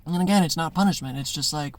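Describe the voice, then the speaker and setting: A man's voice: a little high, quick pace, no echo. A man casually talking to camera from his notes, rambling and conversational, acting out little voices in his stories. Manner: acts out voices in anecdotes, laughs often. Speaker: spiritual content creator. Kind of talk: casual monologue.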